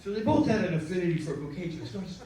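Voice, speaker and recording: Rambling, cursing storyteller joking with the crowd; slightly high voice in an echoey room. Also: male voice, expressive, quick pace, warm tone, a little hiss or hum. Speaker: storyteller and show producer. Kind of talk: live storytelling performance. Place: live event room with an audience. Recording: echoey room, mic at a distance.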